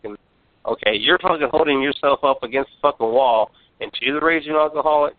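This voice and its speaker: A man's voice: medium pitch, brisk, no room sound. A man hosting a podcast, chatting casually while ranting, rambling and swearing constantly. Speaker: podcast host. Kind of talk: profane casual chat. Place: San Antonio. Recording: phone-line call-in sound.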